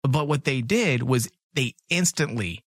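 A man's voice: medium pitch, expressive, a little slow, dry recording, studio quality. A man co-hosting a casual podcast, talkative and joking, sometimes reading summaries aloud. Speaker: podcast co-host.

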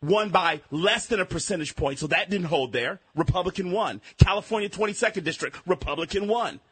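Man, radio panelist, argumentative, keeps restarting sentences, husky, tense tone. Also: high voice, fairly quick, fairly bright tone. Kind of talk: political debate on talk radio.

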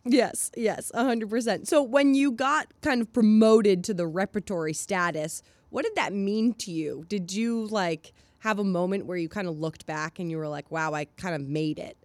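A woman's voice: medium pitch, moderate pace, few pauses, no echo. Friendly woman host, dry close sound. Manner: supportive, laughs often, affirms with small interjections. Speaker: podcast host. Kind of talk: casual interview.

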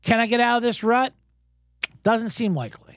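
A man's voice: very high voice, moderate pace, fairly bright tone. A man hosting a sports betting show, rambling casually and poking fun at himself with rhetorical questions. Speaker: host.

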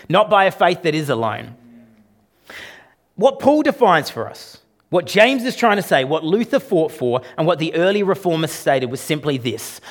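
Preaching to his congregation, a man speaks with conversational emphasis and keeps throwing questions out to them. For stress, his pitch and loudness climb and fall.

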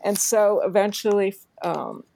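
A woman co-hosting a casual book discussion, talking in an animated way and reading passages aloud. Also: mid-range voice, measured pace, creaky.

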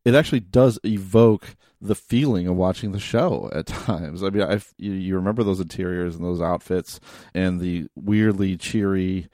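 A man's voice: low voice, moderate pace, mellow, no echo, clean studio sound. A man co-hosting a film podcast, talking casually with frequent restarts and laughs. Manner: hesitant, many restarts and laughs. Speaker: podcast co-host.

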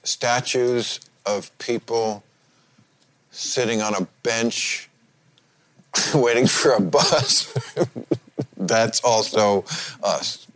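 A man in his sixties hosting a casual chat, wry and a little halting, often breaking into laughter. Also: mid-range voice, fairly bright tone. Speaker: podcast host.

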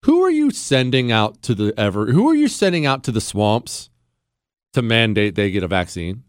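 A man's voice: on the low side, big pitch swings, moderate pace, clear, resonant tone, no echo, clean studio sound. A man hosting a podcast, delivering indignant political commentary full of emphatic rhetorical questions. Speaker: podcast host.

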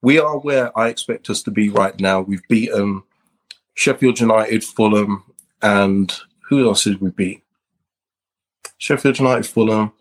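A man with a low, slightly husky voice joins a casual football chat as a guest. He lays out his points in a steady, measured way. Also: rough recording.

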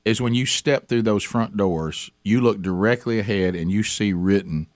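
A man's voice: on the low side, moderate pace, hardly any pauses, no room sound. A male radio host tells a rambling story into a studio microphone. He keeps restarting his sentences, and the sound is close and dry. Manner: rambling storyteller with many restarts and mock shrieks. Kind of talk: casual studio chat. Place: broadcast studio.

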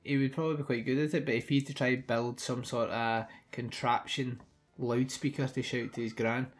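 A man's voice: medium pitch, level tone, fairly quick, soft background music. A man with a Scottish accent, co-hosting a podcast and riffing playfully with absurd jokes and frequent laughter. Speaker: podcast co-host. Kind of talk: casual film chat.

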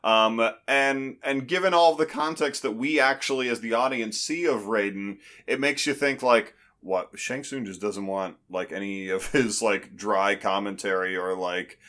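A man in casual movie-review chat, talking in halting restarts with dry humor. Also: fairly low pitch, a bit bright. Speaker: podcast co-host.

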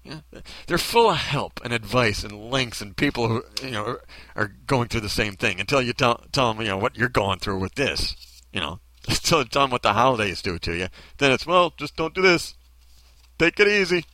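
A man's voice: medium pitch, a little fast, sharp tone, no room sound. A man delivering a bitter, sarcastic ranting monologue full of rhetorical questions.

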